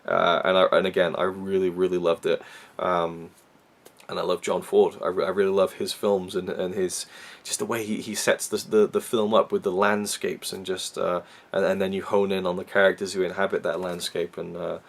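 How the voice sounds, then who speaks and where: A man's voice: low-pitched, level tone, moderate pace, vocal fry. A man from Wales with a Welsh accent, reviewing a film in a casual, rambling way with many fillers and restarts.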